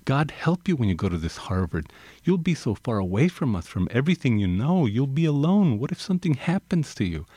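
A man's voice: mid-range voice, very animated, brisk, mellow, slightly rough, dry recording, voice pushed up. A man reading aloud and voicing a stubborn, bossy old grandmother who scolds and pleads. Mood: worried. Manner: blunt, scolding, mournful.

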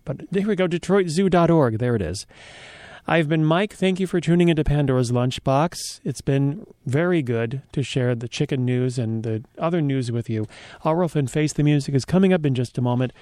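A man's voice: mid-range voice, a little fast, warm tone, no echo. A man hosting a college radio show, chatting casually with loose, joking asides from a studio mic.

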